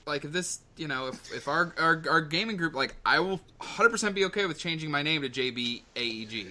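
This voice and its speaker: A man co-hosting a casual gaming podcast, speaking with hesitant, halting starts. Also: fairly high pitch, animated, pushed and bright. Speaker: podcast co-host.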